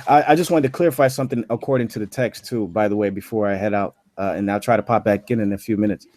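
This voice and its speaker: A man in his thirties co-hosting a faith discussion, slowing down to stress the words of the passages he reads. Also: on the low side, darkish tone, no room sound. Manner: slows down to stress scripture words. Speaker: apologetics podcast co-host. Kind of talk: casual debate chat.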